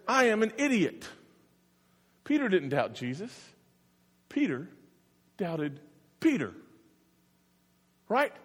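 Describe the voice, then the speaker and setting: A man preaching a sermon, telling the story in an animated way and acting out the voices. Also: extremely high pitch. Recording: long hall reverb.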